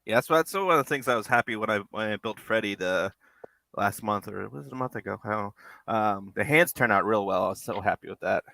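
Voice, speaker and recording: A man's voice: fairly low pitch, animated, fast, creaky, sharp tone, dry recording. A man hosting a live puppet-building stream, chatting casually and rambling, repeating himself and chuckling. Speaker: puppet-building livestream host. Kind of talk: casual chat while building. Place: home workspace.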